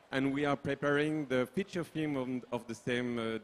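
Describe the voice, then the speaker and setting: A man with a French accent speaking steadily at a panel, pausing on fillers. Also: medium pitch, slight background noise. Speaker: film producer. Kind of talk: panel speech.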